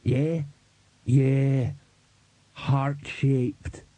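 A man voicing a huge, slow male troll drummer who speaks in a slow rumble, read in an audiobook. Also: flat delivery, mellow, no echo. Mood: teasing.

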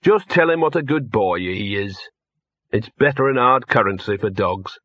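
A man voicing a scruffy, cynical old male dog who grumbles and mutters in rough, blunt speech. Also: fairly low pitch, expressive, normal speed, fairly bright tone, no echo. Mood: sardonic. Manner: grumbling, sardonic, rough-spoken.

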